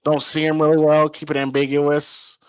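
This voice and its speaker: A man co-hosting a casual horror movie watch-along podcast, rambling and excitable, with lots of fillers and swearing. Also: on the high side, normal speed, clean tone, dry recording, poor audio. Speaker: podcast co-host.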